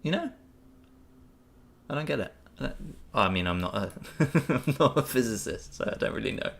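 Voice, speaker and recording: A man's voice: medium pitch, lively intonation, moderate pace, vocal fry, a bit bright. A man hosting a casual live Q&A, talking in an easygoing, upbeat way that rambles with fillers and restarts. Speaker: channel host answering viewer questions.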